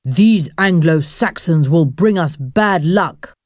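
A woman voicing a boastful, hot-tempered male Viking ghost chief who shouts his orders. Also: low-pitched, animated, slow, no room sound, clean studio sound. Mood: angry. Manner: shouting, commanding.

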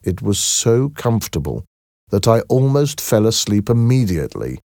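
A man narrating a scripted story in a slow, clear storytelling manner. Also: on the low side, very animated, dark tone, dry recording, studio quality.

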